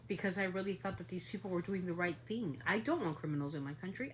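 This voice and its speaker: A woman's voice: lowish voice, quick pace, few pauses, a little hiss or hum. A woman hosting a family podcast in a casual monologue, heated and indignant, swearing as she talks about being upset. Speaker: podcast host.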